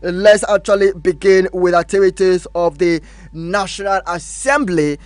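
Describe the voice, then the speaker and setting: A man's voice: sits high, measured pace, dry recording. A man with a Nigerian English accent hosting a morning radio news and politics show, emphatic and repetitive, with frequent fillers. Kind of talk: radio talk show commentary. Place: radio studio.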